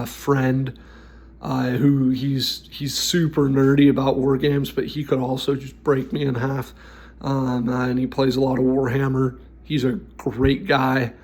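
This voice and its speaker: A man's voice: medium pitch, darkish tone. A man who runs tabletop games gives advice in a blunt, opinionated way, with lots of fillers. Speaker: game master giving advice. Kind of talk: casual opinionated talk.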